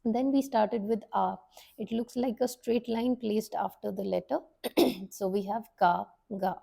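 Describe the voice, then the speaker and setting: A woman teacher leads a slow, careful language lesson. Her voice is mellow and dark-toned, her delivery unhurried, and she repeats each sound so it sinks in. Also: mid-range voice, vocal fry. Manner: patient, repeats sounds to model pronunciation. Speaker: Hindi teacher.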